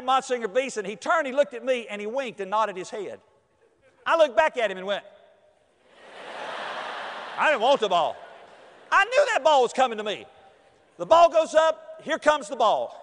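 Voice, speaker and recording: A man from North Carolina, telling a personal story to an audience in a lively way, acting out other people's voices and sometimes shouting. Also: very high-pitched. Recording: long hall reverb.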